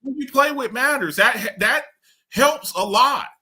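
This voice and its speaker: Guy ranting about football on his show, high bright voice, loud and excitable. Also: measured pace, slightly rough. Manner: loud, excitable, swings high and low in pitch, slips into mock voices. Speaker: sports talk host. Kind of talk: animated sports talk rant.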